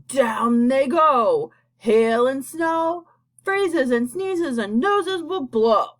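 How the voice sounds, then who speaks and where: A woman voicing a gang of gleeful male cloud creatures who shout and chant in a slow sing-song. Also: high voice, lively intonation, pitched above the performer's own voice, full character voice.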